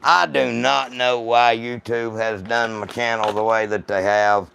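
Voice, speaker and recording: Gravelly, slow-talking livestream host. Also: male voice, mid-range voice, fairly even intonation, fairly bright tone. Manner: rough, profane, blunt banter with viewers. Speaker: gun channel livestream host. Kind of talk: casual livestream chat.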